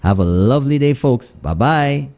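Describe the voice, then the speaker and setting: A man's voice: medium pitch, lively intonation, normal speed, darkish tone. A man hosting a call-in radio talk show, greeting listeners in many places and signing off. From Saint Lucia.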